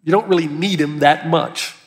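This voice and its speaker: Earnest high-voiced male preacher. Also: normal speed, in a large hall. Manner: earnest, emphatic preaching with rising urgency. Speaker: pastor. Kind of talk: sermon.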